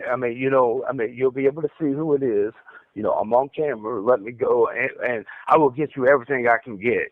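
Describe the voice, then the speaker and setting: A man's voice: mid-range voice, dry recording. Man stuttering over a tinny phone line. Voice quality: stutters, halting with many repeated words. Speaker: caller recounting an interrogation. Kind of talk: rambling phone account. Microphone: phone handset.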